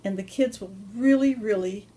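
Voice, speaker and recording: A woman voicing a bossy but kind witch with a green face in a told story, brisk and rambling. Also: medium pitch, warm tone, close to an everyday voice. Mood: coaxing.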